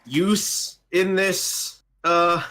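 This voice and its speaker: A man co-hosting a casual political commentary chat, talking bluntly in a hesitant, halting way. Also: high voice, steady tone, bright, forceful tone, a little hiss or hum. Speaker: podcast co-host.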